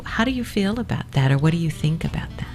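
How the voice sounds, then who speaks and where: A woman from Compton, California, co-hosting an interview and asking thoughtful, halting questions with many fillers. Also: low voice, lively intonation, a little mellow, faint music behind. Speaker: co-host.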